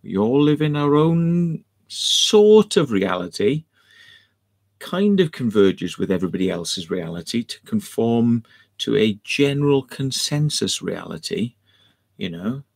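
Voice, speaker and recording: A man's voice: mid-range voice, very animated, unhurried, gravelly, a little mellow. A man rambling sardonically to camera, swearing freely as he goes. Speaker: video host. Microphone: camera mic.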